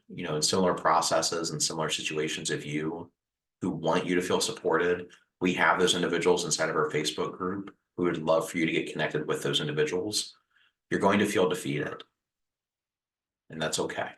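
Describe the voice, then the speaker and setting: His voice is deep and his tone steady as this man, at normal speed, gives earnest direct-to-camera advice on house fire recovery. Gentle and reassuring, he repeats phrases and uses fillers like "uh." Audio is poor, with an echoey room.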